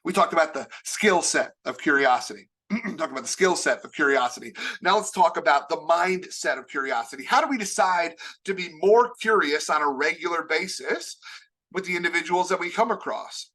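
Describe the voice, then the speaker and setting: A man from Long Island, giving a comedic motivational keynote in an animated, jokey way. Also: on the high side. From Long Island, New York. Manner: animated, jokey, with quick impressions. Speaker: keynote speaker.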